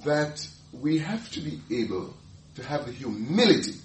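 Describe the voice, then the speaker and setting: A man delivers a sermon with a lively, swooping voice that rises high when he presses a point. He talks emphatically, laughs often and stumbles over repeated words. His voice is caught from a distance in a roomy, echoing hall. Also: normal speed, slight background noise. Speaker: pastor.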